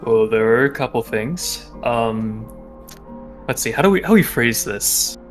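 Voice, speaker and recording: A man taking part in a tabletop role-playing game, talking in a relaxed, plain way. His pitch sits in an ordinary middle range, and faint music plays behind him. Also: unhurried. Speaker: player. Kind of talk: casual in-character talk at a game.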